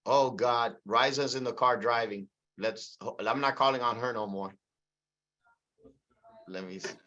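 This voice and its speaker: A man leads a real estate sales meeting over a video call, energetically calling on team members by name and pushing them to keep going. His voice is medium-pitched, and the audio sounds dull.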